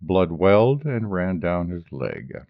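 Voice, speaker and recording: A male audiobook reader narrating a short story in a measured, even way. His voice is low and his pace unhurried. The recording is dry and close, with a slightly dull, muffled sound. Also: vocal fry, no echo.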